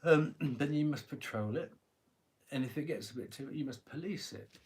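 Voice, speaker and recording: Chatty tarot reader, average-pitched man, joking and casual on a phone live stream. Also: normal speed, a little mellow. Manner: chatty, joking, laughs often, swears.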